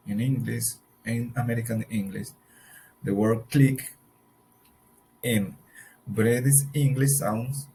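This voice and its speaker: A man teaching a recorded mini lesson, explaining carefully with pauses and repeating example words. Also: mid-range voice, fairly even intonation, warm tone, a little hiss or hum, poor audio.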